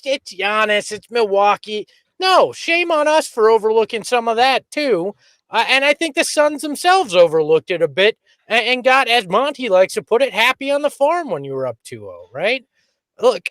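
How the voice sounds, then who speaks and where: A man's voice: sits high, a bit bright, no echo, studio quality. A man hosting a casual sports podcast, talking candidly and reflectively, often restarting his sentences. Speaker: podcast host.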